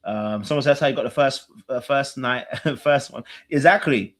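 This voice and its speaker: A man hosting a podcast, reacting to a dating show in casual, teasing commentary, swinging between loud excitement and hushed mimicry. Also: mid-range voice, moderate pace. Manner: animated, teasing, laughs, mimics people in a hushed voice.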